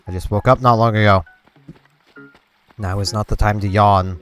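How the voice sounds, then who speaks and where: A young gaming channel host chats casually as he plays, his clean, lowish voice moving at normal speed with frequent pauses. He rambles and leans heavily on "like," with faint game music in the background.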